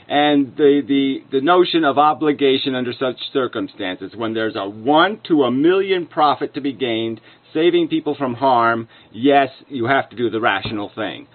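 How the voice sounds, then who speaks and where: A man delivering an angry, profane rebuttal rant full of insults, as a video commentator. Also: mid-range voice. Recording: narrow phone-like lo-fi sound.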